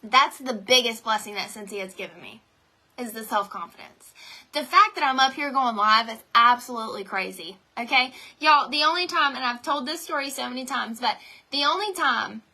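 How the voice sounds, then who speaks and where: A woman's voice: fairly high pitch, animated, moderate pace, sharp tone. A woman, rambling and chatting directly to viewers in a motivational live stream from home. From North Carolina. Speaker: direct sales team leader.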